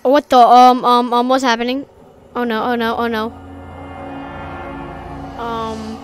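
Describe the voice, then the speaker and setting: A young woman with a high voice narrates her horror game playthrough in a jumpy, excitable way. She swings between loud shrieks and hushed whispers as things startle her, with faint music behind her. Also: slow pace, pauses often. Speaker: gaming video creator. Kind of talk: let's play commentary.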